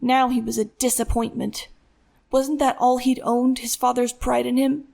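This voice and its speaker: Reading a tense thriller audiobook, a woman carries the story forward with steady, dramatic narration. Her pitch is somewhat high for a woman, her speed is normal, and there's vocal fry in her voice.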